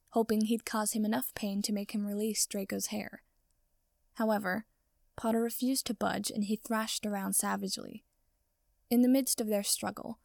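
A woman reading fan fiction aloud in steady, even narration. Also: medium pitch, creaky, no room sound, clean studio sound. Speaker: reader.

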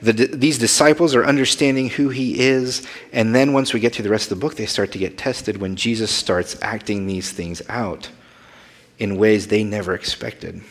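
A man's voice: fairly low pitch, fairly even intonation, normal speed. A man preaching a sermon, teaching through a Bible passage and acting out the people he quotes with sudden rises and drops in his voice.

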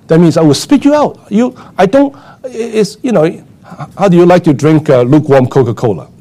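A man preaching a sermon with conversational asides, full of fillers and restarts, then building to urgent, impassioned exhortation. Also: dark tone. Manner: impassioned, rising to urgent high-pitched exhortation.

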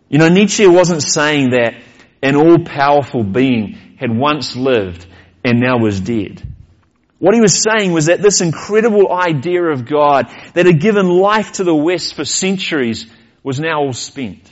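A man's voice: fairly high pitch, muffled recording. A male pastor, preaching a sermon earnestly and posing rhetorical questions.

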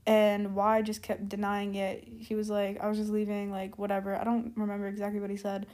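A woman of middling pitch tells a personal story straight to the camera. She talks in a loose, chatty way, filling her sentences with "like" and side notes. Now and then she stops short, backtracks and picks the thread back up. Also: completely flat delivery, fairly quick, a little mellow. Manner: chatty, lots of "like" and "keep in mind" asides; rambling, loses her train of thought and backtracks. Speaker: storytime vlogger. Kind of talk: casual storytelling.

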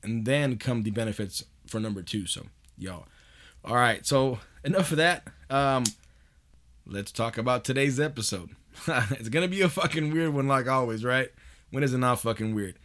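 A man's voice: medium pitch, moderate pace, a bit bright. A man hosting a podcast in a loose, profane monologue, laughing often as he talks. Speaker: podcast host.

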